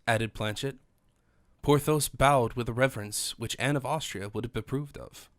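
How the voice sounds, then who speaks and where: An audiobook narrator, a man with a mid-pitched voice, reads a classic adventure novel in a steady, measured way. The scripted narration is recorded dry and close, with no room sound or echo.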